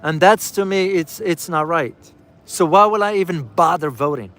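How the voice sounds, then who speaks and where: Riding through a city, a man offers casual travel commentary, calling his viewers "guys" and repeating key phrases to stress them. His voice is on the high side and a little bright, moving at a moderate pace.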